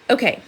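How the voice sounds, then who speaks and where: A woman's voice: sharp tone, slight background noise, low-quality recording. A woman hosting a live crafting demo. She chats with viewers and laughs often, seated at her craft desk. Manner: chatty and upbeat, laughs often. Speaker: crafting livestream host.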